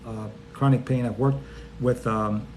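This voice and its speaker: A middle-aged male psychologist chats through viewers' questions in a live stream, at a mid-range pitch. He talks loosely and conversationally, now and then acting out little voices to make a point. A faint noise sits under the recording. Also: fairly even intonation, a little slow, darkish tone. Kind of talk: casual live Q&A talk.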